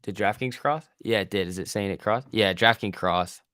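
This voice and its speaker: A man's voice: fairly low pitch, normal speed, bright, forceful tone, no echo, studio quality. A man hosting a live day-trading stream, giving casual, profane, joking commentary and bantering with his chat. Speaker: day trading livestream host.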